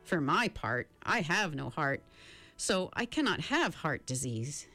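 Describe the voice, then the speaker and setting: A woman reading a storybook, voicing a gentle male tin man without a heart, who speaks calmly and reasons things out. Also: deep voice, unhurried, faint music behind, heavily acted.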